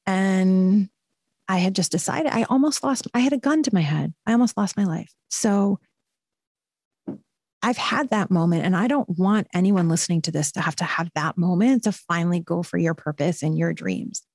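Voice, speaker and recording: A woman in her forties, a podcast guest, telling a personal story in an earnest, animated way with quick bursts. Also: lowish voice, no echo, clean studio sound. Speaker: podcast guest, purpose coach. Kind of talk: conversational storytelling.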